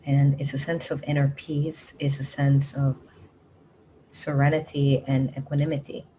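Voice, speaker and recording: A woman meditation teacher giving a gentle, measured mindfulness talk, pausing often with soft ums. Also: extremely low pitch, little pitch movement, slight background noise, rough recording. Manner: soft-spoken, measured, frequent pauses and ums.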